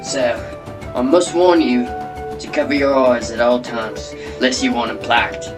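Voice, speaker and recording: A man plays a brash, boastful Australian breeder of monstrous hybrid animals, bragging like a showman. He speaks at a middling pitch, with guitar music playing clearly behind him. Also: steady tone, a little slow, natural voice. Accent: put-on Australian.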